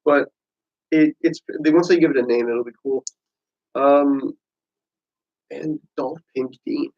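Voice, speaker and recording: A man co-hosting a casual wrestling podcast, excitable and gushing, often jumping in over his partner. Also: mid-range voice, slow pace. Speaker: podcast co-host. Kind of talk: casual wrestling recap chat. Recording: muffled lo-fi recording.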